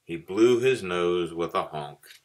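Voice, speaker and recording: A man, a pastor, reading a story aloud to children with expressive storytelling. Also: low voice, slow pace, a little hiss or hum.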